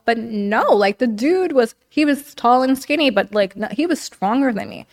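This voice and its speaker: A woman's voice: a little high, animated, moderate pace, few pauses. A young adult woman, a podcast guest, candidly telling her story in casual talk, often saying "like" and "you know". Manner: frequent "like" and "you know", reenacts quotes.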